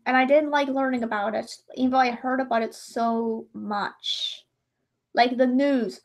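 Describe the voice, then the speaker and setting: A young woman with a notably high voice chats casually during a livestream. She rambles from thought to thought and often breaks off mid-sentence to start again. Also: steady tone, normal speed. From Ireland.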